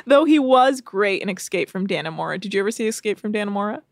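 A woman's voice: mid-range voice, normal speed, no room sound, studio quality. A woman co-hosting a podcast, recapping a reality show in a casual, rambling, profane chat. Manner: profane, rambling, puts on silly voices for quotes.

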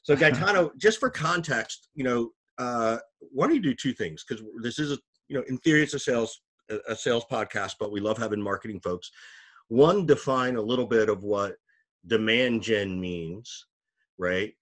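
A man hosting a relaxed podcast, speaking at an ordinary mid pitch. He makes upbeat, jokey introductions. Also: normal speed. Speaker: podcast host. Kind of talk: casual podcast chat.

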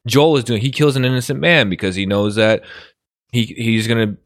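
A young man co-hosting a casual podcast chat, animated and laughing often as he goes off on tangents. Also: mid-range voice, fairly quick, no echo, studio quality. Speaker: podcast co-host.

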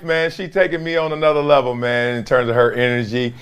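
A man hosting a podcast in casual chat, excitable with loud bursts and frequent laughter. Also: medium pitch, fairly quick, few pauses. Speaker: podcast host.

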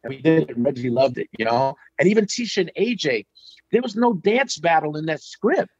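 A middle-aged man casually telling an anecdote as a guest, animated and acting out quotes with jumps in pitch. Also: fairly quick, no echo, dull audio. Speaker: guest storyteller.

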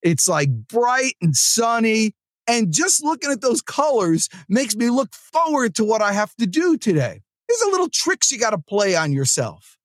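This man's pitch is extremely high, his pace moderate, and there's no echo. He's a New Jersey podcast host and sales trainer giving a casual, animated motivational monologue that rambles and keeps restarting.

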